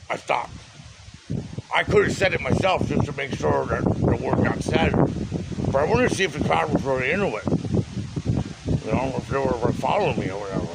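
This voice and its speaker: A man's voice: medium pitch, vocal fry, heavy background noise. A man telling a personal story in a loose, casual way, with slang, swearing and lots of fillers. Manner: loose and profane, with street slang and many fillers.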